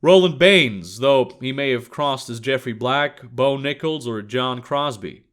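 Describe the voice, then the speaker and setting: A man's voice: medium pitch, measured pace, a bit bright, close to an everyday voice. A man voicing an earnest male American intelligence agent who talks plainly and gets straight to the point. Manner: direct, earnest.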